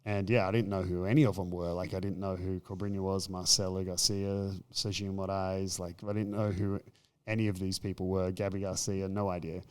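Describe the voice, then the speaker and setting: Man, Australian accent, low-pitched, animated storyteller, casual podcast chat. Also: fairly quick. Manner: animated storytelling, acts out quotes. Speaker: podcast guest.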